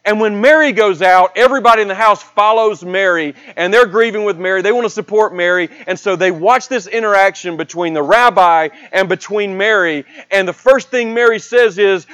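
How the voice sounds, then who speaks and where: Retelling a story from scripture in a sermon, a preacher shifts dramatically from loud to hushed tones. He speaks in a high pitch at normal speed, with few pauses.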